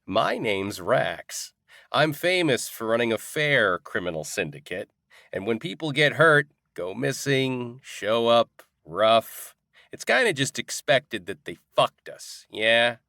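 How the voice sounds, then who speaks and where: A man voicing a smug male crime boss who speaks slowly and quietly with a threatening edge. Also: mid-range voice, very animated, vocal fry, no echo, clean studio sound, voice pushed up, exaggerated voice. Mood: menacing.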